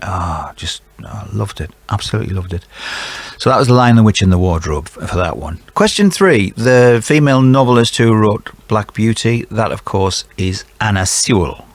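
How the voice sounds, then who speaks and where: A middle-aged quiz host reads out answers but keeps breaking off into chatty, jokey asides, sometimes talking to himself as he rambles. His voice is on the low side, expressive, at a normal speed, with no echo.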